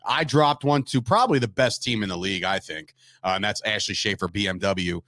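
A man's voice: on the low side, a little fast, bright, forceful tone, no echo, studio quality. A man co-hosting a casual sports chat, joking around and trailing off with fillers. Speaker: podcast co-host.

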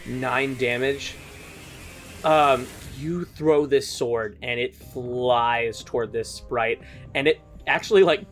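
A man's voice: mid-range voice, steady tone, slow pace, fairly bright tone, faint music behind. A man narrating a tabletop game as game master, casual and laughing, swearing freely.

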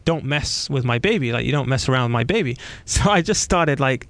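A man's voice: medium pitch, fairly quick, no echo. Chatty man hosting an interview. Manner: animated storytelling, acts out quoted voices. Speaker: podcast host. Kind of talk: casual interview chat.

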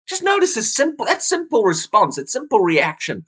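A man delivers an earnest evening sermon in a somewhat high, husky voice. His pitch swings widely as he talks, and he often restarts his phrases by repeating words. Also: wildly swooping pitch, a little fast, hardly any pauses, fairly bright tone. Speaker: preacher.

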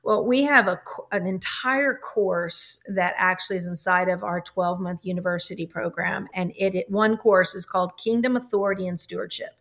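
Bright, animated woman speaker. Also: fairly low pitch, normal speed, gravelly, few pauses. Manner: animated, emphatic, preacherly. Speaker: guest, business speaker and author. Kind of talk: faith-based business interview.

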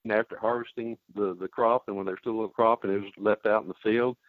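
An older man, a hunting expert, telling folksy stories in a relaxed podcast conversation. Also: lowish voice, dry recording. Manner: folksy storyteller, relaxed and unhurried. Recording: tinny phone-like line, dry.

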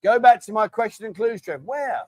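A middle-aged man hosts a casual livestream, chatting away and reading out viewer comments in a matey manner, often calling people "mate." His voice sits high with a darkish tone, and he talks a little fast. The recording is dry.

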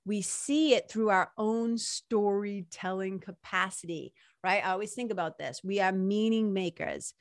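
A woman hosting a casual spiritual talk, chatty and animated, peppering her speech with "like" and "right?". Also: medium pitch, measured pace, few pauses, dry recording, clean studio sound.

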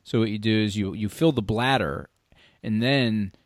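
A man's voice: fairly low pitch, normal speed, no echo, clean studio sound. A man hosting a casual talk show, talking animatedly and frankly and swearing freely. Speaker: podcast host. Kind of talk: casual hunting gear chat.

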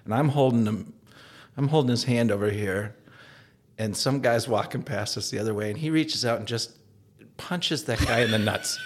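A man with an upper Midwestern accent, co-hosting a casual podcast from an office, telling stories in an animated, laughing way. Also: medium pitch, normal speed. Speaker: podcast co-host. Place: office in a co-working space.

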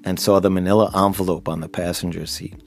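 A man's voice: low voice, level tone, fast talker, soft background music. A man narrating his own memoir in the first person, wry and self-deprecating.

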